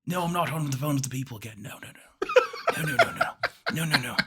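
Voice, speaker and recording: A man putting on a lonely, rambling old man with a mock British accent who stammers and speaks softly. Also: medium pitch, animated, fast talker, very noisy, lightly acted. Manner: stammering, hesitant, soft-spoken.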